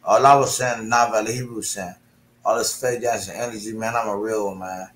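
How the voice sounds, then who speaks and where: A man's voice: fairly low pitch, steady tone, normal speed, a bit bright, echoey room. A man arguing on an online panel, confrontational and profane, over a call mic. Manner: confrontational, profane street slang. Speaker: panel participant. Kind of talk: heated online panel argument.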